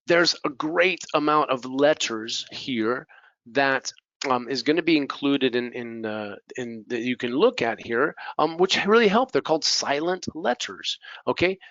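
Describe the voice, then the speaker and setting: A man's voice: medium pitch, fairly bright tone, no echo. A male teacher giving a pronunciation lesson, repeating each word to model it, with Spanish asides. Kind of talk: classroom lesson. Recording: dull lo-fi dry recording.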